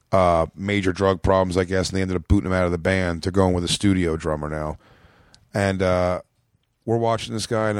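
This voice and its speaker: A man's voice: low-pitched, no room sound, clean studio sound. A man with an American accent, a comedian telling a long backstage story in a rambling, profane way on a podcast. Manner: rambling, profane, acts out quotes in a raised voice.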